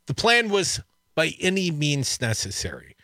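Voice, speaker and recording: A man's voice: a little high, sing-song, sharp tone, no echo. A man co-hosting a political talk radio show from a studio, speaking emphatically and with indignation. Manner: emphatic, indignant, drawn-out stresses.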